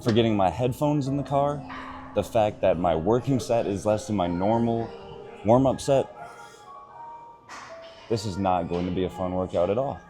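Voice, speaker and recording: Speaking at a moderate pace with long pauses, this young man has a lower voice and music playing behind him. In his casual self-filmed fitness vlog he laughs a lot and makes fun of himself.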